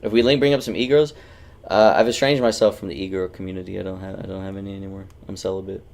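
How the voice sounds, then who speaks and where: Deep, gravelly man teasing his stream chat. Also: fairly even intonation, fast, darkish tone. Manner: loose, teasing banter with swearing. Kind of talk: casual gaming stream chat.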